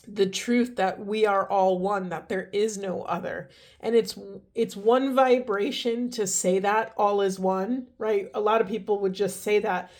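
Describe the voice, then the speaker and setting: A woman's voice: medium pitch, darkish tone. Earnest woman giving a spiritual card reading. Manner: earnest, heartfelt, often pausing to restart. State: teary-eyed. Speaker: oracle card reader.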